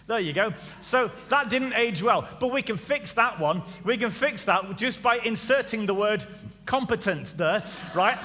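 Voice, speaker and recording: Bright, high-voiced man preaching with jokes. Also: normal speed. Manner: jokey, teasing, asks the crowd questions. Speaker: pastor. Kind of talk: comedic sermon. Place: church auditorium. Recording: reverberant church hall.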